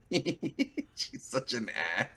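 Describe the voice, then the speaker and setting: A man co-hosting a casual live-stream reading of a webcomic, giving laughing, animated commentary. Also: medium pitch, very slow.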